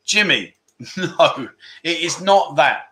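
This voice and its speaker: A man hosting a casual livestream chat, reading out viewer comments and teasing them in a playful, excitable way. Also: fairly high pitch, slow pace. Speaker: livestream host. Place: Pattaya, Thailand.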